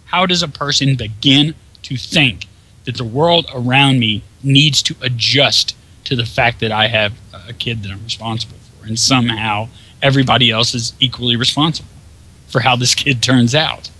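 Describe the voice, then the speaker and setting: A man ranting over his gameplay in a profane, exasperated manner. His voice is very bright and sharp, at a middling pitch. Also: normal speed, low-quality recording. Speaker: gameplay commentator. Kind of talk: casual ranting commentary.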